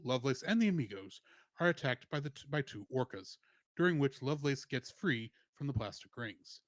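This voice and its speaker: A man's voice: medium pitch, no echo. A man co-hosting a podcast, reading a plot summary and film trivia with playful asides. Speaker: podcast co-host.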